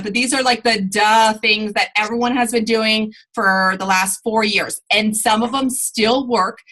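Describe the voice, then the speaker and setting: A woman's voice: medium pitch, fairly bright tone, poor audio. A woman coaching her sales team in a live online training, chatty and rambling, often stopping to correct herself.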